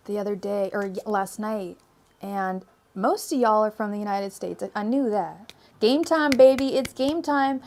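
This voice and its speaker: A young woman with a light lilt hosts a tarot livestream. Her voice sits a touch high. She talks loosely to her viewers with frequent "um"s and giggles. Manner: chatty, giggly, lots of fillers. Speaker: tarot reader livestream host. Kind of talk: casual livestream chat.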